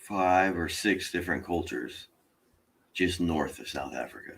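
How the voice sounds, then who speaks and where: A man's voice: sits low, lively intonation, unhurried, gravelly, fairly bright tone, slightly rough. A man explaining politics in a casual, rambling way with many fillers.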